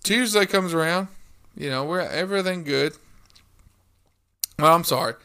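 Man, casual storyteller, slightly high and bright voice, swears freely, acts out quotes. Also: normal speed, smooth. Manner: profane, animated storytelling with quoted dialogue; lively retelling, rambling with restarts. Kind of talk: casual chat.

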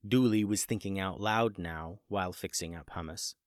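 A man narrating a children's story in a gentle storytelling manner, building the excitement through its dramatic parts. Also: sits low, normal speed, dry recording, studio quality. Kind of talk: scripted narration.

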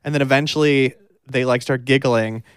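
A man hosting a casual chat, animated and swearing freely as he tells stories. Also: medium pitch, normal speed, clear, resonant tone, no echo.

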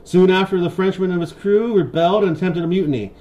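A man's voice: high voice, fast talker, mellow, dull audio. A man hosting a podcast, loosely retelling a historical story in a casual, profane way. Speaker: podcast host.

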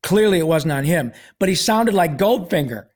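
A man with a somewhat higher-than-usual voice tells a personal story as a guest on a podcast. He rambles casually, with plenty of fillers, restarts and a wry sense of humor. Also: lively intonation, normal speed, a little mellow.

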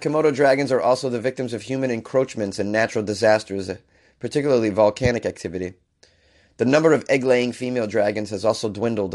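A male comedian hosts a news podcast and is feeling under the weather. He reads each story and then breaks into exasperated rants. His voice is of middle pitch. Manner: exasperated, ranting. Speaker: podcast host.

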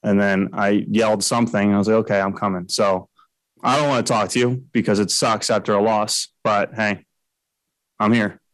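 Male pitcher at a postgame press scrum, blunt and halting, low flat voice. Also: dry recording, low-quality recording. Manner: blunt, halting, many fillers. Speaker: baseball pitcher.

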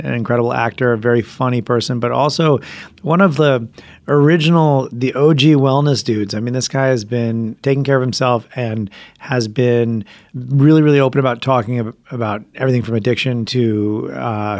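A man's voice: medium pitch, no echo. A man co-hosting a podcast, chatting casually with enthusiasm and frequent restarts. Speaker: co-host.

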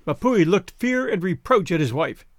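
A man narrating a classic short story as podcast host, with expressive storytelling. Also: high-pitched, normal speed, dry recording, studio quality. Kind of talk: scripted narration.

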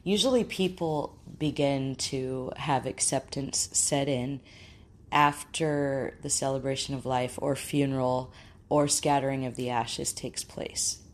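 A woman hosting a talk show, speaking earnestly and gently about grief and quoting inner thoughts. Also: very deep voice, steady tone, a little slow.

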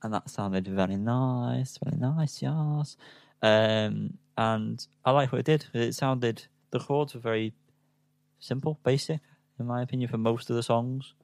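A man's voice: mid-range voice, unhurried, creaky, darkish tone, dry recording. A man co-hosting a casual album review chat, hesitant and self-deprecating, full of ums. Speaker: podcast co-host reviewing albums.

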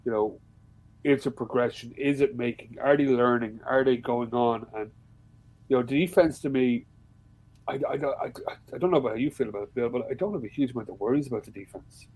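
A man's voice: mid-range voice, fairly quick, slightly rough, rough recording. Sweary Irish man chatting casually. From Ireland. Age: adult, with a father-in-law. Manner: swears freely, animated storytelling. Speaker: podcast guest. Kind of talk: casual chat.

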